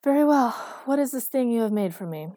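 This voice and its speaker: Woman doing a deadpan exasperated boyfriend. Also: a little high, brisk, dry recording, voice pushed up, natural voice. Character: dry, patient exasperated boyfriend.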